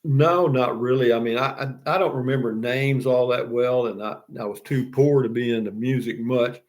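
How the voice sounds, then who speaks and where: An older Texan man hosts a casual live stream, reading viewer comments and chatting in a folksy, rambling way, often restarting and saying "you know what I mean." His mid-range voice moves at a moderate pace.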